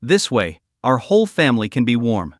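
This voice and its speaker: A man's voice: medium pitch, sing-song, normal speed, no echo, studio quality, pitched below the performer's own voice. A man voicing a grateful, nostalgic elderly woman in a recap story, speaking earnestly.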